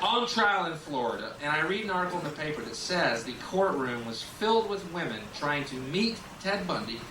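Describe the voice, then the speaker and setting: A young man doing a sardonic stand-up routine on a club stage, sometimes slipping into mocking voices. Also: a little high. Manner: sardonic, shifts into mocking mimicry. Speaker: stand-up comedian. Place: comedy club stage before a laughing audience. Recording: roomy, distant club tape with loud hiss.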